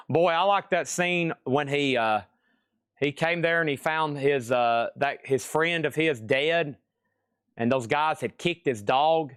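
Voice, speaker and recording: A man's voice: fairly high pitch, takes it slowly, fairly bright tone, clean tone, no echo, studio quality. A man hosting a live record sale stream, calling out lots and start prices, rambling and joking between auctions. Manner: rambling, joking, self-deprecating. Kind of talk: livestream auction chatter.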